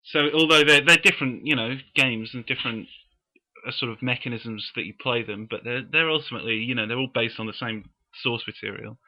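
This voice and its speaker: Bright-voiced man, halting wry chat. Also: mid-range voice, rough recording. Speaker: podcast co-host. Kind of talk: casual chat.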